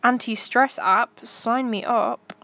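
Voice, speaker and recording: A woman's voice: a little high, takes it slowly, sharp tone. A young woman chatting casually to her stream while browsing pictures, giggly and talking to herself.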